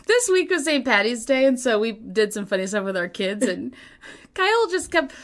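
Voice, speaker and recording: A woman co-hosting a podcast in casual chat, reacting quickly and giggling often. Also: fairly high pitch, sing-song. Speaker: podcast co-host.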